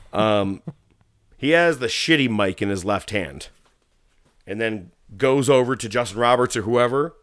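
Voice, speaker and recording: A man's voice: on the low side, takes it slowly, pauses often, dry recording. A man co-hosting a casual wrestling podcast, telling stories with lots of swearing and acting out what people said. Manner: animated storyteller, swears freely, acts out quotes. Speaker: podcast co-host.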